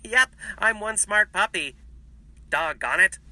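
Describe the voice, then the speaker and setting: A man's voice: high-pitched, slow pace, background noise, voice pushed up. A man voicing a silly, smart cartoonish male dog for a commercial, with a goofy, playful delivery. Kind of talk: commercial voiceover.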